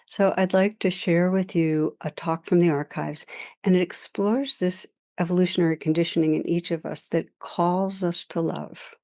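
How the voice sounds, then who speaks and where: Brief: woman meditation teacher, low warm voice, unhurried and gentle. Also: fairly even intonation, dry recording, studio quality. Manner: slow, gentle, contemplative. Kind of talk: reflective spoken introduction.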